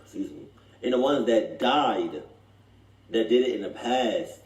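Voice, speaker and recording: A man's voice: mid-range voice, lively intonation, darkish tone. A man co-hosting a reaction video in casual chat, rambling and restarting his sentences. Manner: rambling, halting, restarts often. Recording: echoey room.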